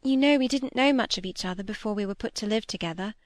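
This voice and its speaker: A woman voicing a shy, earnest young girl who speaks quietly and hesitantly in a storybook reading. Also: medium pitch, fast, no echo, close to an everyday voice.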